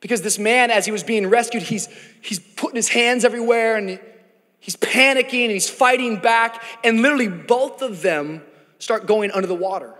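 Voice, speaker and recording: A man preaching a sermon as pastor, dramatic and building to shouts in a large church auditorium. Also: high-pitched, normal speed. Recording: church hall reverb, faint music.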